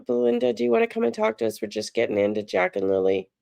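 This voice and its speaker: A woman's voice: a little high, big pitch swings, fast talker, creaky, warm tone, dry recording. A woman hosting a casual live stream, chatty and sympathetic as she answers viewer chat aloud. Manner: emotional, sympathetic. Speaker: livestream host.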